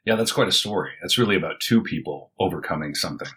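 A man hosting a casual chat and making measured, reflective remarks. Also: low voice, fairly bright tone, slight background noise.

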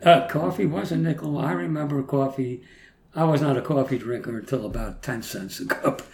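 A man's voice: medium pitch, moderate pace, creaky, a little mellow. An eighty-two-year-old man, reminiscing in casual chat and chuckling as he rambles through stories. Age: 80s. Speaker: guest. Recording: roomy echo, faint noise.

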